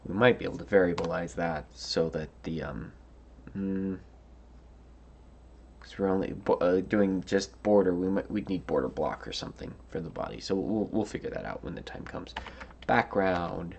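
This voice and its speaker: A man's voice: low voice, moderate pace, gravelly, a little mellow, muffled recording, slight background noise. A tired man thinking aloud as he works through a coding puzzle, hesitant and musing, with many fillers and restarts. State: tired, yawning. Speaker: coding tutorial host.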